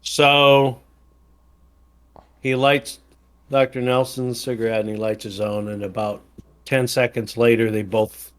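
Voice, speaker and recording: A man's voice: mid-range voice, flat delivery, measured pace, pauses often, fairly bright tone. A man from Wisconsin co-hosting a podcast, telling a rambling anecdote in casual chat with many fillers and restarts. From Wisconsin, USA. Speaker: podcast co-host.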